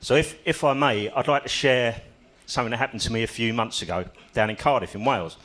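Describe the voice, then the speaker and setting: A man's voice: medium pitch, fast talker, fairly bright tone. An older man doing a stand-up comedy set on a club stage, telling stories with dry, self-mocking humor.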